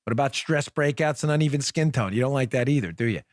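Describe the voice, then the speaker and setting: A man in his forties hosts a political talk-show podcast, talking fast in a mid-range voice into a studio microphone with no room sound. He riffs through sarcastic mock pleas, restarting his sentences often.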